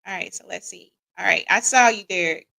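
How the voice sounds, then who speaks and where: A woman's voice: medium pitch, a little fast, vocal fry, pushed and bright, rough recording. A woman hosting a live podcast in casual chat, reading listener comments aloud and quizzing them. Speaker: podcast host.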